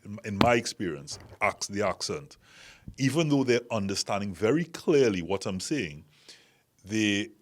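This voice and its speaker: A man's voice: lowish voice, very animated, moderate pace. A man with a Trinidadian accent hosting a casual group discussion, talking in long, reflective, winding sentences. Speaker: podcast host.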